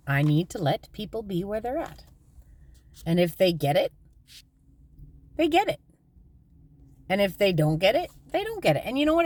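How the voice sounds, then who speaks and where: A woman giving a casual, candid motivational talk as a spiritual vlogger, plainspoken and slowing down to stress her points. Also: medium pitch.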